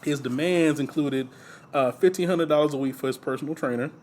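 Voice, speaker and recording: A man's voice: on the high side, a little fast. Chatty man recounting film trivia. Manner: relaxed storytelling, laughs often, many fillers. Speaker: podcast host. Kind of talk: casual chat.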